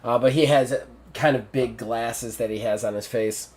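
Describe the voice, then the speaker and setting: A man's voice: mid-range voice, fairly even intonation, normal speed, a little mellow. A man narrates a tabletop role-playing game as game master. His delivery is casual and loose, full of small fillers and restarts as he sets the scene.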